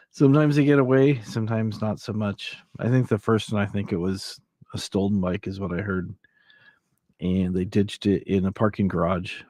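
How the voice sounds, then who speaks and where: A man's voice: fairly low pitch, mellow, no room sound. A man hosting a casual late-night livestream, rambling and laughing as he chats with viewers, his throat a little scratchy from allergies. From Southern California. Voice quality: slightly scratchy. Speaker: livestream host. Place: old house.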